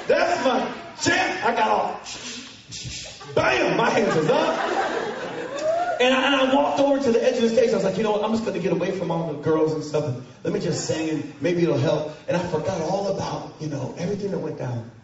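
A man preaching a storytelling sermon in a large church hall, animated and often breaking into shouting and snatches of song. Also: sits high, a little fast, over a noisy crowd. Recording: echoey hall from far off, dull sound.

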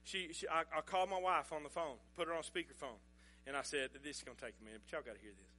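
Middle-aged man, pastor telling a sermon story, chatty, chuckling, bright tone. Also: fairly high pitch, quick pace. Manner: folksy, chuckling, conversational.

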